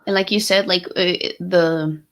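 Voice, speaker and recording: A young adult woman co-hosts a podcast, telling stories candidly in casual chat while dropping Spanish phrases and swearing freely. Her voice is lowish and a bit bright, with fairly even intonation and an unhurried pace.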